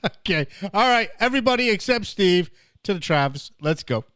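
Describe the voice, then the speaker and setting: A man's voice: high-pitched, very animated, moderate pace, a bit bright, clear, resonant tone, dry recording, studio quality. A man hosting a podcast of casual pub banter, joking around and hurrying the others along. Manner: bossy, jokey, hurries the others along. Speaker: podcast host.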